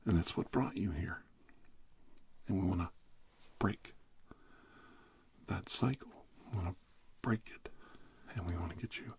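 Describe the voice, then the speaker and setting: Deep, slow whispered role-play therapist, a man. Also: gravelly, a little hiss or hum. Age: middle-aged. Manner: slips between soft whispers and a relaxed speaking voice, rambling and casual.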